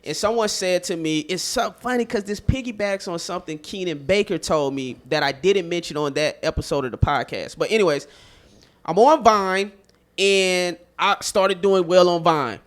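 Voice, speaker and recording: High voiced guy hosting a chill podcast, gets loud telling stories. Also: normal speed. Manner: animated storyteller, slips into loud voices. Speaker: podcast host. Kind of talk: casual chat.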